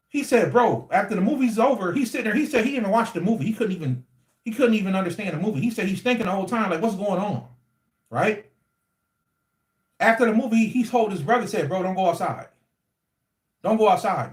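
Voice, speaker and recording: High-voiced man telling a wild story. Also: fairly quick, long pauses. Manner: animated, repetitive, slangy storytelling. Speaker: livestream host. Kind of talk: casual storytelling to a live audience. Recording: echoey room.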